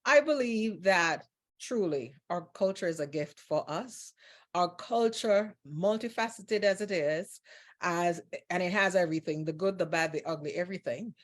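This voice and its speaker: A woman's voice: fairly low pitch, normal speed. Earnest woman interview host. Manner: earnest, admiring, repeats phrases for emphasis.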